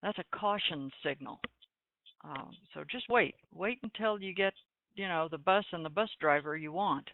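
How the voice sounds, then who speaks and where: A woman's voice: on the low side, moderate pace, gravelly, a little hiss or hum. A woman hosting a live trading webinar, giving folksy, chatty market commentary with dry sarcastic asides. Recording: tinny phone-like line, dry.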